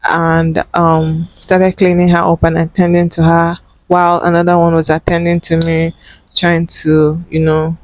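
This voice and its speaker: Slow-talking young woman vlogger. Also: fairly low pitch, a little mellow, no echo, poor audio. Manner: emotional, earnest, with frequent fillers. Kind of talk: personal storytelling.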